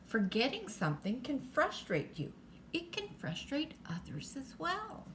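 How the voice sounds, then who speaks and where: Slow, lively older woman reading a bedtime story. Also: high-pitched, slight background noise. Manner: chatty asides to the child listening. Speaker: grandmother reading aloud.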